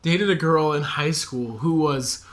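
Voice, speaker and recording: A young adult man from the United States co-hosting a casual chat, relaxed and joking. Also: on the high side, unhurried. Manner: relaxed, joking, dry asides. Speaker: podcast co-host.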